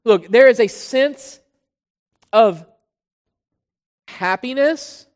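A preacher giving an expository sermon, pressing hard on key words and then dropping low and quiet, often repeating phrases while building a point. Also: extremely slow. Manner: emphatic, swinging between loud stresses and quiet drops. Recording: long hall reverb.

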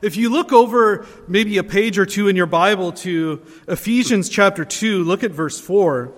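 A man with a high voice delivers an earnest sermon from the pulpit. He presses his key phrases with rising emphasis. His words carry a long reverb through a church sanctuary. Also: moderate pace, few pauses. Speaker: pastor.

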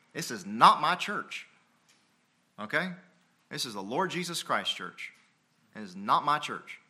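Emphatic pastor preaching. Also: male voice, medium pitch, very animated, measured pace, long pauses, pushed and bright, slightly rough. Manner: folksy, emphatic preaching with rhetorical questions. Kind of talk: sermon.

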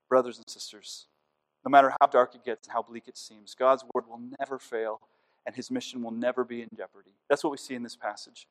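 A man's voice: mid-range voice, big-room sound, poor audio. A man preaching a sermon to a congregation and leading a closing prayer, earnest, with a repetitive preaching cadence. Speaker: pastor. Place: church before a congregation.

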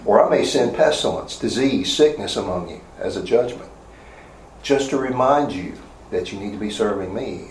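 A man's voice: on the low side, very animated, moderate pace, darkish tone. A man preaching a sermon, earnestly paraphrasing scripture with stern emphasis. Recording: roomy echo, distant mic, faint hum.

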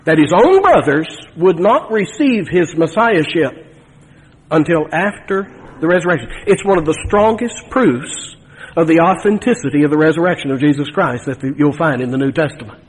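A man preaching a sermon in a folksy, animated way, with asides to his congregation. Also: on the high side, normal speed, a little hiss or hum. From Nevada. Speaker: pastor. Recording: long reverb of a church hall.

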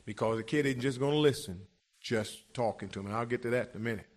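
A man's voice: medium pitch, fast. A middle-aged man preaching a sermon emphatically, repeating words as he builds each point.

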